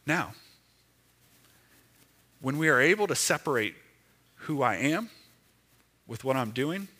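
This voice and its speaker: A man's voice: mid-range voice, bright, forceful tone. A man preaching a sermon as pastor, speaking emphatically with repeated phrases.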